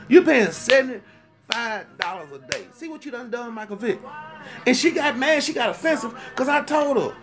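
A man's voice: very high voice, moderate pace, faint music behind. A man delivering a comic rant, heated, profane and rambling, repeating himself for emphasis. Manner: animated, rising to loud indignant outbursts. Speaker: storyteller ranting to camera.

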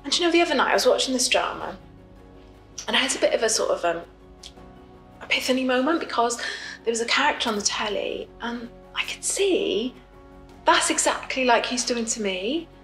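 A woman's voice: fairly high pitch, lively intonation, brisk, a bit bright, echoey room, faint music behind, poor audio. An actress playing a fed-up woman, stuck in lockdown with her partner, confiding in a rambling, apologetic way. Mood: rueful. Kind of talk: confessional monologue.

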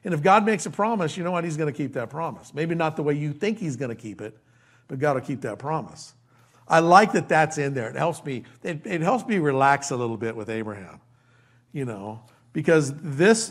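A man, an older pastor, preaching a conversational verse-by-verse sermon, folksy and animated, acting out quoted lines and dropping into quiet asides. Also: fairly high pitch, fairly quick.

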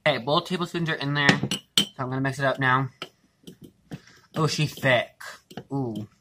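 A man's voice: mid-range voice, normal speed, noisy background. A young man chatting casually in his home kitchen while baking for his vlog, rambling and self-mocking, with lots of fillers and swearing. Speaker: vlogger.

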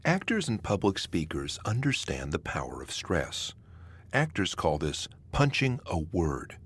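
A man narrating an audio poetry lesson in a measured, scripted way, showing how stressing words changes meaning. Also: low-pitched, wildly swooping pitch, husky. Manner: measured, demonstrates word stress by example.

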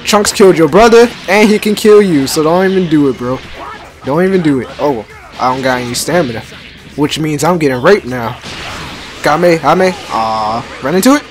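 A young man giving excited, slangy let's-play commentary and talking back to the game. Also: on the high side, normal speed, faint music behind. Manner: hyped, slangy, talks back to the game, many restarts. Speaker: gaming YouTuber.

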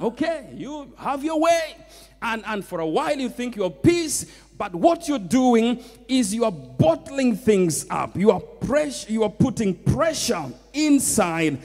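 A man's voice: high voice, a little mellow, big-room sound. A man with a Kenyan accent preaching a sermon, emphatic and full of repeated refrains. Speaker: pastor. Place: church.

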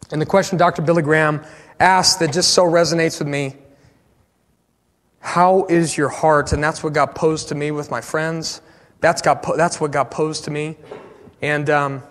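A man preaching a sermon as pastor, passionate, swinging from loud bursts to hushed pleas. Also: on the high side, moderate pace, big-room sound. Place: church sanctuary.

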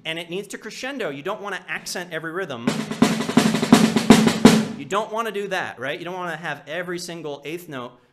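A man's voice: high voice, fairly quick, over loud music. A man teaching a percussion etude in a live lesson, counting aloud and singing rhythms with syllables. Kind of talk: live instructional walkthrough. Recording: loud snare drumming behind the voice.

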